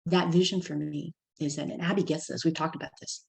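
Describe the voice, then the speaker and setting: A woman's voice: sits low, fairly even intonation, brisk, vocal fry, a little mellow, poor audio. A middle-aged woman from California giving a personal testimony talk as guest speaker, telling a story and acting out her child's lines.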